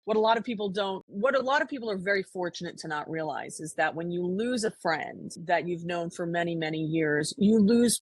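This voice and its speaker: A woman's voice: on the low side, a little fast, hardly any pauses, dry recording. A woman co-hosting a podcast, talking earnestly and reflectively in casual conversation, often restarting her sentences. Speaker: podcast co-host.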